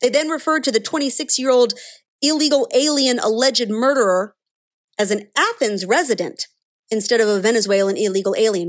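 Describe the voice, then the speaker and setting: A woman's voice: fairly high pitch, fairly quick. A woman delivering a sarcastic, indignant political opinion monologue as a commentator.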